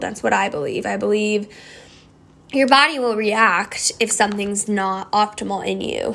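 Young woman host, relaxed reflective talk, lots of fry, meandering delivery. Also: mid-range voice. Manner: rambling, heavy use of "like" fillers. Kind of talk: casual reflective monologue.

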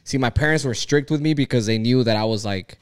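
A man co-hosting a podcast in relaxed, slangy casual chat, often restarting his sentences. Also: mid-range voice, fast, clean tone. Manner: laid-back, slangy, stumbling restarts. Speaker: podcast co-host.

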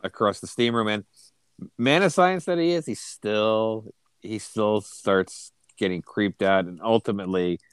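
A man with a low, smooth, clear voice chatting on a book podcast. He retells scenes in a wry, dry way, recorded close in a dead, dry room. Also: measured pace, no echo. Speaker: podcast co-host. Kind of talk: casual book discussion.

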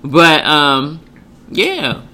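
Animated, slangy woman co-host. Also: low voice, drawn-out words. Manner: laid-back, slangy, laughs often. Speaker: podcast co-host. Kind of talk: casual chat.

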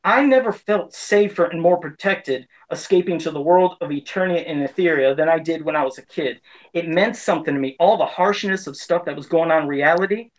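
A man's voice: fairly high pitch, poor audio. A man in his forties giving a casual, heated opinion rant as a pop culture commentator, indignant and frustrated.

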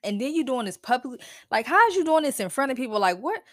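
A woman's voice: sits high, sing-song, quick pace, no echo. A woman hosts her podcast in a loose, casual chat, her voice bouncing widely up and down as she rants. She swears freely, sounds fed up and keeps breaking off into sighs and laughter. The recording is dry and close, with no room sound. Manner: profane, exasperated, laughs and sighs often. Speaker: podcast host.

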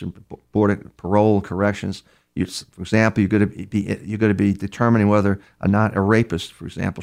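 An older man from New York tells a long story in an interview. His voice sits low and gravelly. He talks bluntly and often restarts, acting out the voices of the people in the story. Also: a little mellow. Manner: blunt, restarts often, acts out quoted dialogue. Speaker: criminal profiler, guest.

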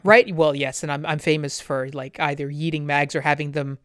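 A talkative woman in casual conversation, leaning on "like" as she tells stories and acts out what people said. Her voice sits a bit low, and the sound is dry and close with no room around it. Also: brisk, dry recording. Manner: chatty, many "like" fillers, lively storytelling. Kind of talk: casual chat.

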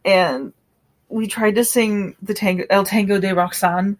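A woman co-hosting a podcast, recapping an episode in casual chat, animated and laughing often. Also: medium pitch, measured pace. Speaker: podcast co-host.

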